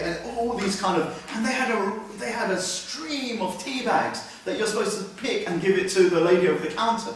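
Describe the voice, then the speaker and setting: A man giving a humorous, anecdotal lecture in a mosque, telling stories with lively swings in volume. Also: high voice, a little fast, few pauses, slight background noise. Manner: storytelling, humorous asides, lively shifts in volume. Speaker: Islamic lecturer. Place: mosque hall. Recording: very echoey hall, distant mic.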